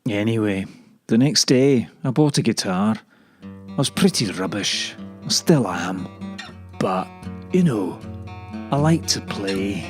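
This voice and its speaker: A man voicing a rambling old male kale leaf, telling stories in a dry deadpan comic monologue. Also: on the low side, soft background music. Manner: dry deadpan, drawn-out delivery.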